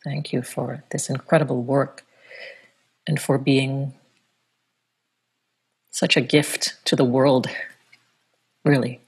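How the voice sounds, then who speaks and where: A woman's voice: a bass voice, level tone, slow pace, long pauses, breathy edge. A woman interviewer thanking her guest and affirming her with gratitude. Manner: warmly affirming, grateful.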